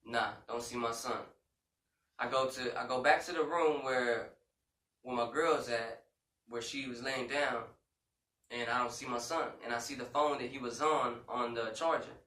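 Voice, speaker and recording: A man's voice: mid-range voice, fairly even intonation, moderate pace, sharp tone. A man co-hosting a casual talk show, retelling a frightening story in an emotional way, with lots of "you know" and "man" fillers. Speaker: podcast co-host. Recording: roomy echo, far from mic, faint background noise.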